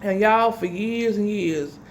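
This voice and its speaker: Taking her time, a woman at medium pitch shares a personal story, with a little noise in the background. Her tone is chatty and animated, full of dramatic asides, and she speaks straight to her audience, calling them "y'all."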